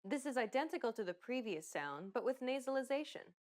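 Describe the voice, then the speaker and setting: A woman narrating a scripted pronunciation lesson in a clear, upbeat, explanatory way. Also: fairly high pitch, lively intonation, brisk. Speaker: pronunciation instructor.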